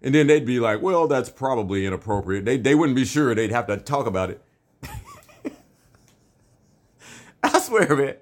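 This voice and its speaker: A man's voice: medium pitch, a little slow, pauses often. A man talking in a casual, profane, rambling monologue, filling his talk with "you know what I'm saying" and breaking into laughs. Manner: animated, often laughing between points.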